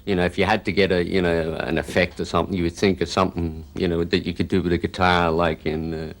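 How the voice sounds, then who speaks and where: A rock guitarist talking casually in an interview, rambling and filling gaps with "you know", now and then chuckling. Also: male voice, deep voice, flat delivery, fast. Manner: chuckles while telling stories.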